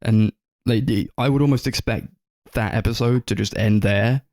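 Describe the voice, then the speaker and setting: A young man with a lowish voice, talking loosely with a stream of fillers and the odd swear word. His voice sits dry and close on the mic, with no room sound at all. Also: normal speed, darkish tone, no room sound. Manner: rambling, lots of fillers and swearing. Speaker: podcast co-host. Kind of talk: casual film chat.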